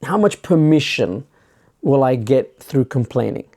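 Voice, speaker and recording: This time the channel host sounds animated yet measured, his mid-range voice creaky and dark. He reflects aloud in a monologue, playing out imagined dialogue in a chatty way.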